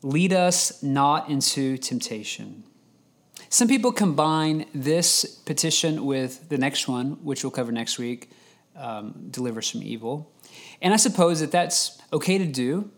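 A pastor preaching a sermon at an unhurried pace, reading scripture slowly with long pauses. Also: male voice, fairly high pitch. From United States.

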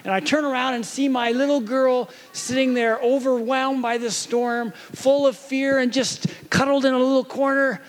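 A man in his thirties gives a sermon in a gentle storytelling way, pausing to ask his little daughter questions. His voice sits high for a man, and he keeps the tone warm and personal. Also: level tone. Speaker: pastor.

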